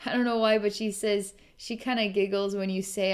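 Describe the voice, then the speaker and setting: Woman doing a psychic reading, lots of ums and sighs, soft little laughs, medium pitched voice. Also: fairly even intonation. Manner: musing, halting, with frequent ums and sighs. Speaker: psychic reader. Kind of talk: recorded psychic session.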